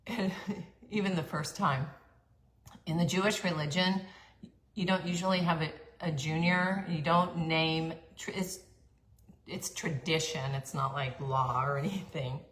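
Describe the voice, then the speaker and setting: A middle-aged woman telling her life story in a chatty monologue, with fillers, throat-clearing and quick asides. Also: low-pitched, a bit bright. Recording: echoey room, faint background hum.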